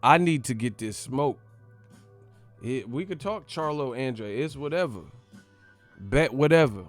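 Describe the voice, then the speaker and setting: Man, boxing channel host, casual profane rant, lively swinging voice, faint music behind. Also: medium pitch. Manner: profane, animated, fast-talking. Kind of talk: casual live-stream rant.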